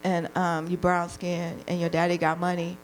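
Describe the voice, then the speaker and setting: A woman's voice: lowish voice, monotone, moderate pace, poor audio. A woman in her fifties doing a stand-up roast, brash and teasing, who laughs at her own jokes. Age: 50s. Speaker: comedian roasting guests.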